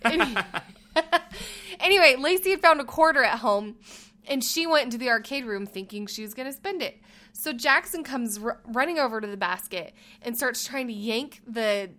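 Bright-voiced woman telling a story. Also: a little high, moderate pace. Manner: animated, laughing, acts out quoted lines. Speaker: podcast co-host. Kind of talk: casual storytelling chat.

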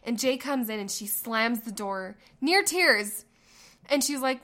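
A woman in her thirties co-hosting a casual chat, telling family stories in an animated way and laughing often. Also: a little high, measured pace. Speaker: podcast co-host.

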